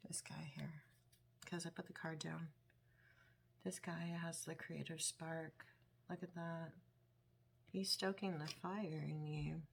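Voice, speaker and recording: A woman with a fairly low voice reads tarot cards in a relaxed, casual way. She thinks aloud as she goes, musing and chatting about what she sees in the cards. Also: takes it slowly, gravelly, pauses often, slightly rough. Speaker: tarot reader.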